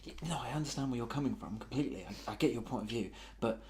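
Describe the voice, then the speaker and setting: A man's voice: mid-range voice, rapid-fire, darkish tone. A man playing a tabletop game, chatting casually and rambling through his plans. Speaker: player.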